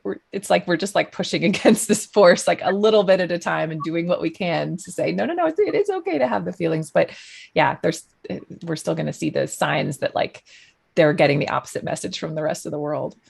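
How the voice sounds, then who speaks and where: A woman's voice: low-pitched, gravelly, husky. A woman guest on a podcast, speaking thoughtfully with many fillers and restarts. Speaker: guest, journalist. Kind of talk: conversational podcast interview.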